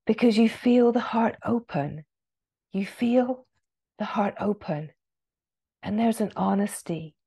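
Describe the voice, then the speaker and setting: A woman spiritual teacher giving a gentle satsang talk, acting out inner voices in quotes. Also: medium pitch, slow pace, breathy edge.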